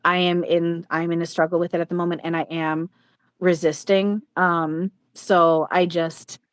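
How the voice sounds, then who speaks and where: A fairly low-pitched woman hosts a live stream, speaking bluntly and cursing without hesitation. She rambles through plenty of fillers and restarts. The sound is dry and close. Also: level tone, measured pace, clear, resonant tone, no echo. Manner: blunt, swears freely, rambling with many fillers. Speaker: channeler and livestream host. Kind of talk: casual livestream chat.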